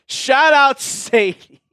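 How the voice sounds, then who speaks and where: A man's voice: extremely high pitch, animated, very slow, sharp tone, no echo, studio quality. A man hosting a casual livestream who jokes around and talks to viewers by name. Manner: jokey, chatty, addresses viewers by name. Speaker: host.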